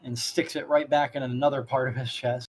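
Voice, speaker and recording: A man's voice: mid-range voice, level tone, a little fast, slightly rough. A man narrating a tabletop game as dungeon master, rambling with laughing asides.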